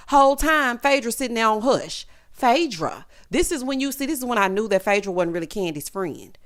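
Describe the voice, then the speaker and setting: A woman's voice: a little high, animated, brisk, hardly any pauses. Sassy woman recapping reality TV. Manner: sassy, dramatic storytelling with lots of 'honey' and 'child'. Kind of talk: casual recap commentary.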